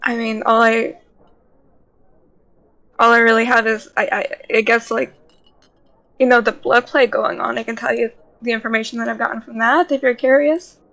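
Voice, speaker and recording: A woman's voice: on the high side, flat delivery, normal speed, vocal fry, pauses often, fairly bright tone. A woman playing in a tabletop game, speaking hesitantly with many fillers, nervous in character. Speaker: player.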